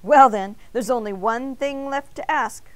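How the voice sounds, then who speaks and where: A woman voicing a kind, gentle grown man in a storybook read-aloud, speaking softly and plainly. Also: fairly high pitch, unhurried, dry recording, lightly acted. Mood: eager. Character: kind gentle adult man, a doughnut's owner.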